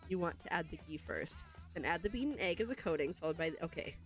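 A woman hosting a let's play, chatty and excitable, laughing often as she plays through a cooking game. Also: fairly low pitch, quick pace, soft background music. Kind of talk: gameplay commentary.

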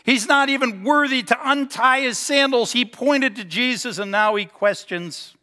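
Bright-voiced pastor man preaching in a reverberant sanctuary. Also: very high voice. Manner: storytelling, slows for emphasis. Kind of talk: sermon. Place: church sanctuary. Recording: long hall reverb.

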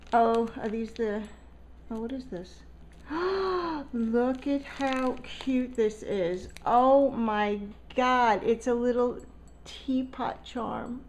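A woman with a slightly high voice excitedly unpacks a swap package at a table at home for her casual vlog, gasping often and gushing over each item. The recording is rough, with some background noise.

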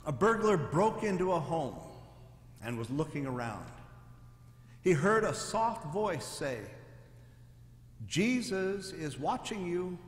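A man's voice: a little high, roomy sound, big-room sound. A man, a church pastor, telling jokes to his congregation and acting out the punchlines. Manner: animated storyteller, acting out the punchlines. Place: church sanctuary.

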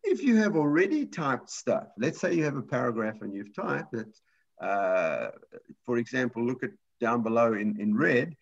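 Teaching a computer class live, this man explains every step with patience, often beginning his sentences again. His voice is gravelly with a touch of huskiness at a regular pitch, swinging widely in pitch at a moderate pace. The recording sounds muffled and low-fidelity, like a virtual lesson.

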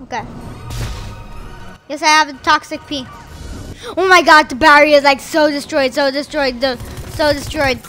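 High bright girl doing hyped gameplay commentary, lots of boom boom and here we go, faint music behind. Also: moderate pace, long pauses. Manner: excitable, chants sound effects and repeated phrases. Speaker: gaming video host.

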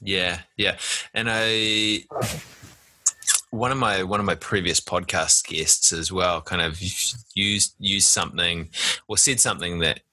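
Man, very deep pitch, very bright sharp tone, relaxed podcast host, dry sound. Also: measured pace, dry recording. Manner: relaxed, laughs easily, swears casually. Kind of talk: casual conversation.

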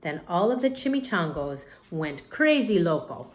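Expressive woman reading a picture book. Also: fairly low pitch, moderate pace, a little hiss or hum. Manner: expressive, explains words. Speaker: teacher. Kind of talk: picture book read-aloud.

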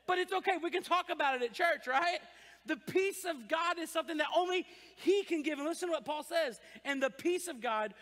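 A pastor with a strikingly high, bright voice delivers a lively sermon in a church. He jokes and acts out everyday scenes, and his words ring with long reverb through the hall. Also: a little fast. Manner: animated, joking, acts out quoted voices.

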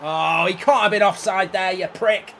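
A man's voice: sits high, moderate pace, pushed and bright, slight background noise. A man streaming a football video game, ranting and swearing at the match and answering his viewers' chat. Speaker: gaming streamer. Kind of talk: live game commentary.

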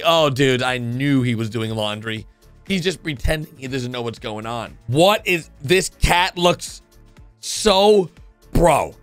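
A man giving casual, excitable commentary as he reacts to funny videos, breaking into exclamations and jumping from one thought to the next. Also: medium pitch, takes it slowly, dry recording, soft background music.

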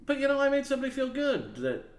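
This man's voice is extremely high and quick as he casually relates a work story straight to camera. He animatedly imitates the voices of everyone involved. Faint background noise sits under an echoey room sound.

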